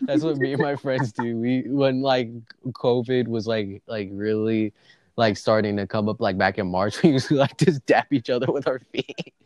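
A man's voice: mid-range voice, steady tone, moderate pace, a little mellow, dry recording. Young male podcast co-host, loose, joking, swears freely, mid-range voice. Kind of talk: casual chat.

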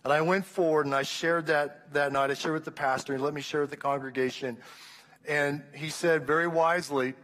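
A man's voice: fairly high pitch, fairly even intonation, a little fast, fairly bright tone, in a large hall. A man around sixty, a pastor, gives an impassioned sermon testimony, telling his story with frequent restarts. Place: church hall.

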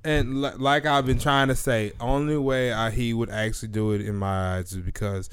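A man's voice: medium pitch, fairly even intonation, normal speed, clear, resonant tone, no room sound. A man in casual group chat, earnestly explaining his point with restarts.

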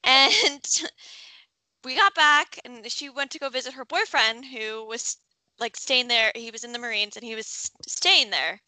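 A young woman co-hosting a podcast, telling a quick side anecdote. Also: a little high, bright, forceful tone, dry recording, low-quality recording. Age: young adult. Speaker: podcast co-host. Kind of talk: casual storytelling.

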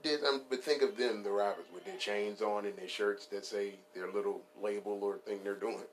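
A man's voice: lowish voice, steady tone, moderate pace, slight background noise. A man hosting a comedy podcast, riffing in a profane, rambling, playful way. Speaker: podcast host.

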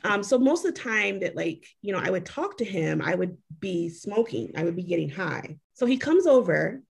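Gravelly animated woman telling a story. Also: medium pitch, moderate pace. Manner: animated, full of "like" and acted quotes. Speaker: podcast co-host. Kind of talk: casual storytelling chat.

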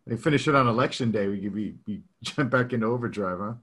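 A man's voice: on the low side, quick pace, fairly bright tone, breathy edge. A man in his thirties or forties co-hosting a podcast in casual, rambling chat, laughing often as he talks. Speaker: podcast co-host.

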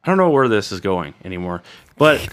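A man's voice: on the low side, very animated, brisk, smooth. Rambling, foul-mouthed young man. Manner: rambling, swears a lot, many fillers. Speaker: podcast co-host. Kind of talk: casual crude banter.

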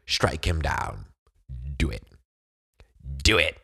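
A man putting on an evil old emperor from a space saga, his voice dropped very low and dragged out slowly. The delivery is slow and menacing, with a raspy edge from a chest cold. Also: sing-song, pushed and bright, exaggerated voice. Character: sinister old male galactic emperor, evil.

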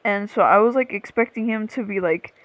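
A woman's voice: medium pitch, brisk, fairly bright tone, no room sound, rough recording. A young woman co-hosting a podcast, telling a long story in loose casual chat. She swears freely and laughs between lines.

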